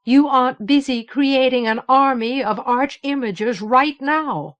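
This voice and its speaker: A woman voicing a determined young woman in an audiobook, speaking insistently with a raised, forceful voice. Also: sits high, measured pace, muffled recording, pitched above the performer's own voice. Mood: pressing. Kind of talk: audiobook character reading.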